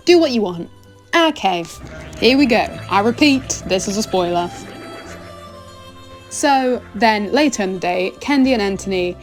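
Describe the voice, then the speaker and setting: Rambling, chatty young woman reviewer. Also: mid-range voice. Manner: rambling and chatty, full of "like" and "oh my gosh". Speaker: anime reviewer. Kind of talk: casual anime review chat.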